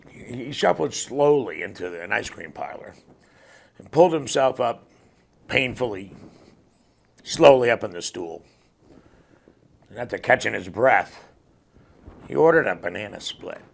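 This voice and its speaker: A man hosting a comedy rant show, telling jokes with a loud, punchy delivery. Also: lowish voice, lively intonation, a little slow, creaky, long pauses, husky.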